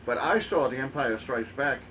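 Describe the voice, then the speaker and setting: A man's voice: medium pitch, expressive, moderate pace, bright, forceful tone. A middle-aged man, chatting casually as a podcast co-host, profane and reminiscing. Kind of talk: casual chat. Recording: slightly distant mic, faint noise.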